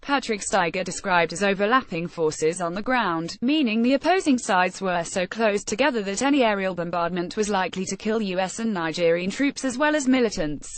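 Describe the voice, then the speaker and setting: A woman reads a news report aloud at an even, steady pace. Her pitch sits in the middle range. The recording is dry, with no room echo. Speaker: news reader. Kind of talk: read-aloud news article.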